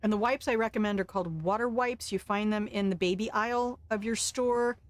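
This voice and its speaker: An older woman streams a game and chats casually, handing out blunt, frank advice that is laced with swearing. Her voice sits at a middle pitch. She is recorded close to the mic, and the sound is dry with no echo. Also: fairly quick. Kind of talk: casual gameplay commentary.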